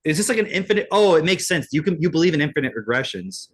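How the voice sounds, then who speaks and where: A man's voice: on the high side, sing-song, quick pace. Profane, ranting man on a podcast. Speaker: podcast co-host. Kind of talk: casual chat.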